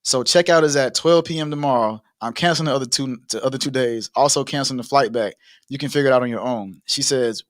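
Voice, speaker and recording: A man's voice: medium pitch, fairly quick, dry recording, clean studio sound. A man co-hosting a casual talk show, reading a text exchange aloud and acting it out, laughing often. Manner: animated, laughs often, acts out the text messages. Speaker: co-host. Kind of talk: casual podcast chat, reading messages aloud.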